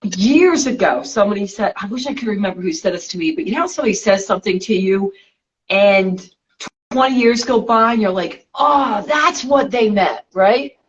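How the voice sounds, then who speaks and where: A woman's voice: medium pitch, lively intonation, fairly quick. A middle-aged woman hosting a talk show, chatting casually and passing on a listener's question. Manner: conversational, relays listener questions. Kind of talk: casual interview chat. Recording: dull lo-fi audio.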